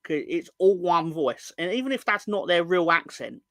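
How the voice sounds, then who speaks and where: Joking London man with a bright voice. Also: sits high, expressive, moderate pace, dry recording. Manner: rambling, joking, reads viewer comments aloud. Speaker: podcast co-host. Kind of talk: casual football podcast chat.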